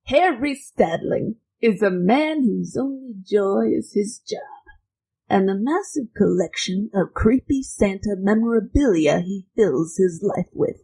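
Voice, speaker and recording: A woman putting on the voice of a smoky male TV horror host, narrating in a mock-solemn, deliberate way. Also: mid-range voice, lively intonation, mellow, breathy edge, low-quality recording. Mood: mock-ominous.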